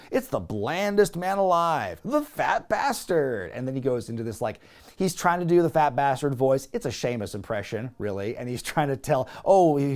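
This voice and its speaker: A man's voice: mid-range voice, mellow. A man hosting a wrestling recap podcast, talking in a casual, jokey way and acting out quotes in put-on voices.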